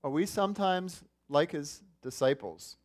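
A man's voice: fairly high pitch, unhurried. A man preaching a sermon, earnest and asking his listeners questions. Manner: earnest, asks the congregation questions. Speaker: pastor.

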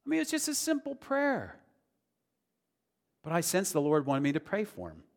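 A man's voice: sits high, wildly swooping pitch, moderate pace, gravelly. A man preaching a sermon in an earnest, conversational way that builds to emphatic declarations. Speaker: pastor. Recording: long reverb of a large hall.

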